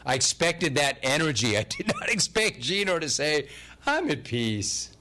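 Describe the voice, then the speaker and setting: A man hosting a sports talk radio show, animated and sarcastic, taking calls. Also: on the high side, a little hiss or hum. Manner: animated, sarcastic, quick-talking.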